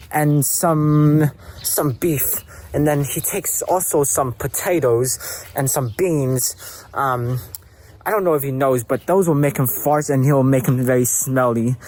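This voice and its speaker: Slow, playful male storyteller. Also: on the high side, a little mellow, a little hiss or hum. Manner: playful, self-correcting. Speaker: camp counselor. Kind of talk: casual storytelling.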